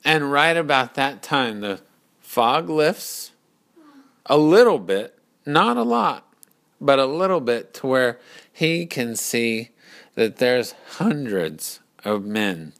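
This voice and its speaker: A man telling a story slowly and deliberately, pausing to explain its lessons. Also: mid-range voice, very animated, fairly bright tone. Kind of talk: storytelling narration.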